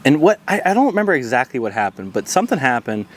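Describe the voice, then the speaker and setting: A man's voice: medium pitch, sing-song, quick pace. A young man from western Pennsylvania hosting a podcast, chatting casually with a friend, laughing a lot and swearing casually. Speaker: podcast host. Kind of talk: casual chat. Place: outdoors around a campfire at night.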